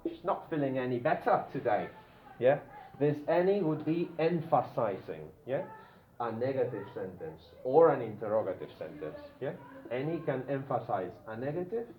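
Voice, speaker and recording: A man teaching an English grammar class, animated and repetitive, checking in with "yeah?" after nearly every point. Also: medium pitch, reverberant, narrow, tinny audio, slight background noise.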